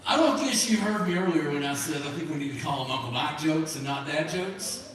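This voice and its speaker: Folksy, relaxed male speaker, slightly high voice, distant mic, echoey hall. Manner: folksy, easygoing, drawn-out. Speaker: program staff speaker. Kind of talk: casual stage banter. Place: large hall, live show.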